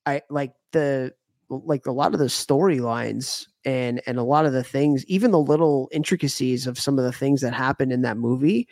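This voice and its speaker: This man's mid-range, slightly mellow voice moves at a normal speed with fairly even intonation as he co-hosts a podcast. His chat is casual and rambling, with many fillers and restarts, and the recording is dry.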